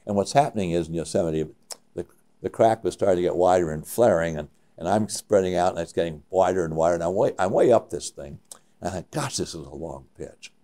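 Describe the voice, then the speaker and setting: An older man, a mountaineer, telling stories from his climbs in an interview, animated and full of halting restarts. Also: low-pitched. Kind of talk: reminiscing interview.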